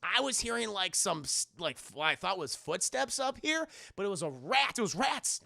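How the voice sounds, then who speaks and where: A falsely sweet teenage girl chirps her excuses in a lifted voice, innocent on the surface and teasing underneath, as a man puts her on. There is a gravelly grain under the brightness. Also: high-pitched, very animated, normal speed, no echo, clean studio sound, exaggerated voice. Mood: sweetly sly.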